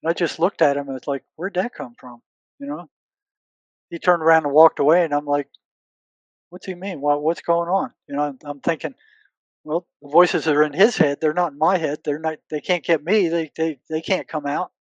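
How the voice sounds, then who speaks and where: An older man speaks as an interview guest, his voice sitting a bit high for a man. He tells stories earnestly, repeating words as he searches for them and acting out old conversations. The sound is close and dry. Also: steady tone, moderate pace, no echo, lo-fi sound. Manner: relives past conversations, quoting himself and others. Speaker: guest, retired psychotherapist. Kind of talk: conversational storytelling.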